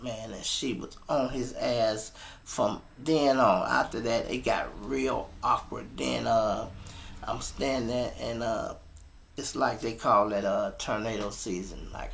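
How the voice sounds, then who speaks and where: A man casually telling a story to his listeners, animated and profane, often calling them y'all, speaking at his computer setup. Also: mid-range voice, creaky, a little hiss or hum.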